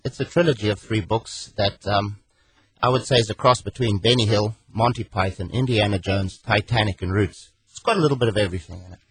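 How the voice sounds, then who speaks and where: A British man from England, a guest author on a radio show, joking wryly with many pauses and fillers. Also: fairly low pitch, breathy edge, no echo, low-quality recording. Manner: wry, joking, hesitant with fillers. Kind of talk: radio interview. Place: radio studio.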